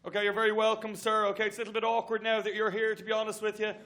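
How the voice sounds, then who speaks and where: An Irish man doing a stand-up set on a comedy stage. He talks briskly and chattily and works the crowd with asides. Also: high voice, completely flat delivery, fairly bright tone. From Ireland. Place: comedy venue stage with audience.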